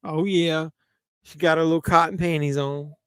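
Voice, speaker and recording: Chatty Southern man, smooth clear voice. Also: a little high, steady tone, moderate pace, fairly bright tone, no room sound, clean studio sound. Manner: loose, joking, drinking while talking. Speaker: livestream host. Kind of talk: casual movie watch-along commentary.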